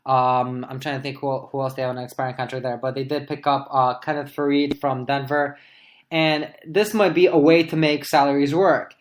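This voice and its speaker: A man co-hosting a sports podcast in an easygoing back-and-forth. His pitch sits in an ordinary middle range. He talks things through out loud, floating hypothetical deals as he goes. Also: flat delivery, moderate pace. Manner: thinks aloud, pitching hypothetical trades. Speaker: podcast co-host. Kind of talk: casual sports debate.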